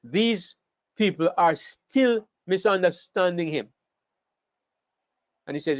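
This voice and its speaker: A man with a slightly high voice teaches an online Bible class with lively energy, sometimes repeating words as he gathers his thoughts. The sound is a dull, dry online call. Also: slow pace, pauses often, no room sound. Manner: animated, acts out scripture quotes, repeats words while thinking. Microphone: online call microphone.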